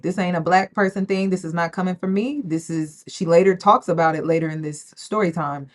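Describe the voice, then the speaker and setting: A woman's voice: fairly low pitch, steady tone, brisk, few pauses. A woman hosting a reaction channel, chatting casually and speaking straight to her women viewers. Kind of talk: casual commentary on a story.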